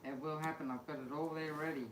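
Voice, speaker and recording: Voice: medium pitch, quick pace. A co-host in easygoing, laughing banter during a casual live-stream chat. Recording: echoey room with steady noise.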